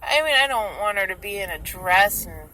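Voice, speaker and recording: A young woman vlogging casually, retelling a story in a chatty, animated way and acting out what people said. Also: medium pitch, moderate pace, a little hiss or hum, poor audio.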